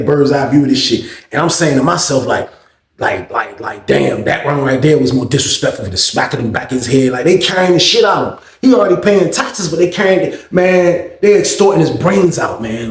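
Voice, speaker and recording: A man's voice: fairly high pitch, reverberant. A man telling a storytime tale as a channel host, in loose, slang-heavy talk full of fillers. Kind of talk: casual storytime.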